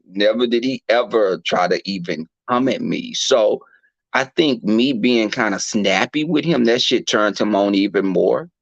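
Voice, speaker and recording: A man telling a candid personal story in a blunt, animated and profane way. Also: on the low side, measured pace, gravelly, no echo, muffled recording. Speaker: podcast host.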